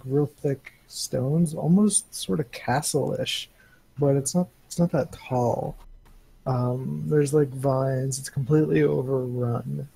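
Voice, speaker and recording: Game master, male, slow halting narrator, gravelly and husky. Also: medium pitch, mellow, rough recording.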